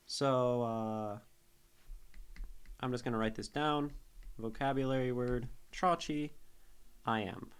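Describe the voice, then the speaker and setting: A man streaming live, slowly thinking aloud as he breaks down a poem, sounding out its syllables. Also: medium pitch, clear, resonant tone. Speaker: streamer analyzing poetry. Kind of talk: casual live-stream teaching.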